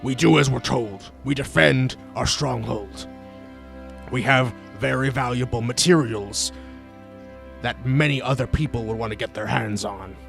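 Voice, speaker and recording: A man voicing a stern, dutiful fortress guard with a low, gravelly voice. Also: measured pace, fairly bright tone, soft background music.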